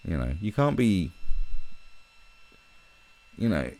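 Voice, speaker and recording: Deep-voiced British man ranting profanely. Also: slow pace. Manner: profane, animated, heated. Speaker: live streamer. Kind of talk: ranting live-stream commentary. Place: his own room.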